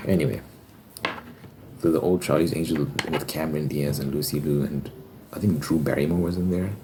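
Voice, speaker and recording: A young man with an extremely deep, low voice rambles loosely in a casual ASMR chat, dropping the occasional swear word. Clear noise sits under the recording, with tapping and shuffled cards behind him. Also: fairly even intonation, moderate pace, pauses often. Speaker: ASMR creator. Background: tapping and card shuffling noise.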